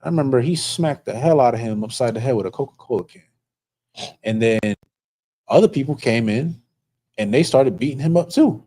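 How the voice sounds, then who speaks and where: A man's voice: mid-range voice, lively intonation, fairly quick, warm tone, low-quality recording. A man who serves as an officer of a religious group, telling stories in a casual, earnest way. He rambles and restarts often. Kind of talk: casual storytelling.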